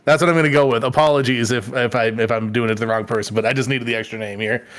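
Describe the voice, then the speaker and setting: A man co-hosting a podcast in casual chat, relaxed and rambling, often laughing. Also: mid-range voice, rapid-fire. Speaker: podcast co-host.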